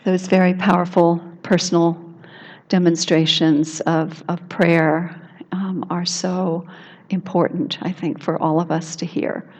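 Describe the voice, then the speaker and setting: Gentle woman minister with a low voice. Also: flat delivery, a little slow. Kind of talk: sermon.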